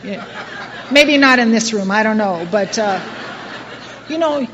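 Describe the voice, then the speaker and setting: A woman's voice: on the high side, expressive, a little slow, fairly bright tone, some chatter behind, slight background noise. A middle-aged woman speaking to a recovery group in a wry, self-mocking, conversational way, with many restarts. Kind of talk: personal talk to a recovery group. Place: meeting hall. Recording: distant muffled hall recording.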